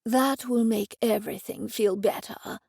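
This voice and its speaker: A woman's voice: a little high, fairly even intonation, unhurried, creaky, mellow, breathy edge, dry recording, studio quality, heavily acted. A woman reading a cheerful scheming man.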